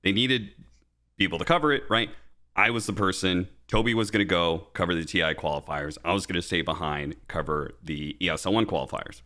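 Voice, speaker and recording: A low-pitched man with a bright, forceful tone tells a rambling, profane story in a relaxed podcast chat. He talks like a working caster, animated and heated, piling on curses as he goes. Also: a little fast. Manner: profane, animated storytelling, rising when angry. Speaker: podcast co-host and esports caster.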